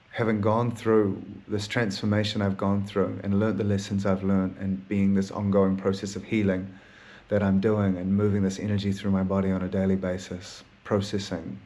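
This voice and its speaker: A man's voice: lowish voice, a little mellow. A man hosting his own podcast in a candid solo monologue, melancholy, rambling and swearing a lot, laughing now and then as he talks. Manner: rambling, heavy swearing, laughs through sad talk. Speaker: podcast host; therapist.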